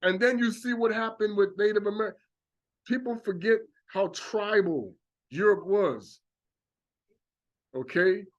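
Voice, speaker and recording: A man's voice: high-pitched, measured pace, long pauses, dull audio. A man preaching a religious monologue, talking animatedly and acting out reactions with exclamations. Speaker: religious teacher.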